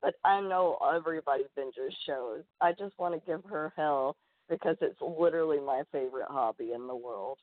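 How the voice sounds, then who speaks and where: Low-voiced woman chatting, phone-like sound. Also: normal speed, no room sound. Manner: animated, rambling, jokey. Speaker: podcast co-host. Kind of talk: casual chat. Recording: tinny phone-like line.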